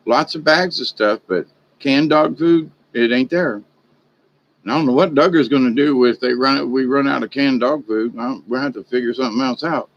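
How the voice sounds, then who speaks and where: A man's voice: medium pitch, moderate pace, highs cut off. A man talking in a casual, rambling vlog monologue, folksy and chatty. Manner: folksy, chatty, animated in retold exchanges. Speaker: vlogger.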